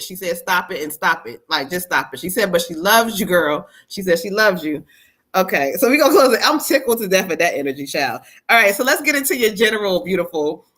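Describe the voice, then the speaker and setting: Bright-voiced woman giving lively readings. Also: medium pitch. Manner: animated, laughing, quoting spirits in a sassy voice. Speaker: psychic medium giving readings. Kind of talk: live-stream tarot reading.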